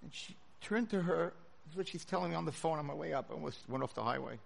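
A rabbi giving a sermon to a room of listeners, telling stories dramatically and swinging from a hush to full shouts. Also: male voice, fairly high pitch, expressive, fast talker, gravelly. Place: lecture hall with audience.

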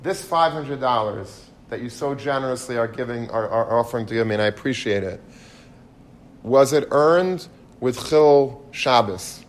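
A man voicing a calm, firm, pious immigrant rabbi in a retold story. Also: mid-range voice, normal speed, a little hiss or hum, lightly acted.

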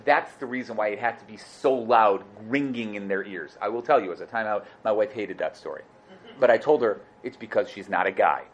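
A man teaching a Torah class, talking in a rapid, animated, conversational way. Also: lowish voice.

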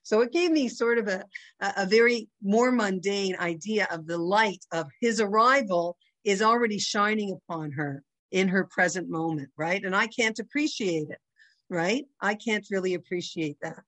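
Woman with a Canadian accent, mid-pitched, giving a chatty Torah class, dry close sound. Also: normal speed, a bit bright, no room sound. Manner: conversational, checks in with "right?" and "you know". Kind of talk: informal religious lesson.

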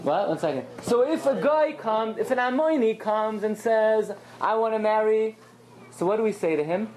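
A woman teaching a lively Talmudic lesson, acting out quoted voices and asking and answering her own questions. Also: a little high, normal speed, slight background noise. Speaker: Torah teacher.

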